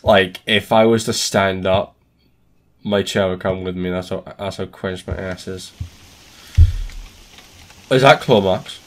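A man doing let's play commentary on a horror game, excitable and jumpy, swearing often. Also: low-pitched, a little slow, long pauses. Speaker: gaming streamer.

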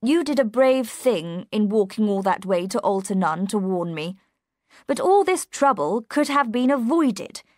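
A stern, reproachful magistrate who gives orders, read by a woman. The delivery is unhurried and the recording is dry and close. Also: mid-range voice, no echo, lightly acted. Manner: reproachful, commanding. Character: stern slow-minded country magistrate, man.

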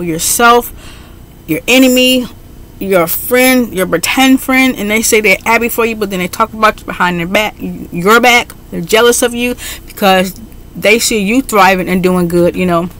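A woman's voice: mid-range voice, fairly bright tone, a little hiss or hum. A woman beauty vlogger talking earnestly to her viewers and leading a heartfelt, repetitive prayer. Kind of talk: heartfelt talk to camera and prayer.

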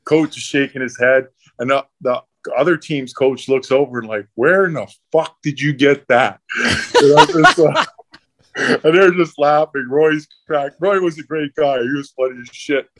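A middle-aged man, a podcast guest, telling profane, animated stories about his hockey days in a casual way. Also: medium pitch, normal speed. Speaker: podcast guest, former pro hockey enforcer. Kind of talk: casual storytelling.

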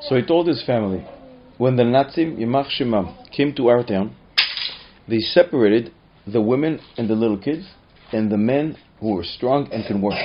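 A man teaching a class as a rabbi, telling stories and acting out whining children in high voices. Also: lively intonation, normal speed, a little hiss or hum. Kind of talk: storytelling lesson in English. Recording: dull lo-fi sound.

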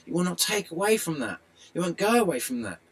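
A middle-aged man with an excitable, rambling delivery, talking to his video subscribers. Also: fairly high pitch, fast talker. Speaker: video blogger. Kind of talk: rambling monologue.

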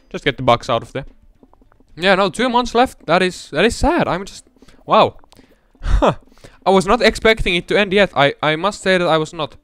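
A young man giving casual let's-play commentary, rambling between mumbled asides and loud excited outbursts. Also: on the high side, clear, resonant tone, no room sound.

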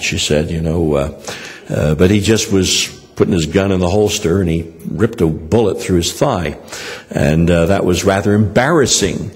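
A man's voice: deep voice, normal speed, big-room sound. An older man preaching a sermon and telling personal stories in a rambling way, with frequent hesitations and restarts. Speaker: pastor. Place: church hall.

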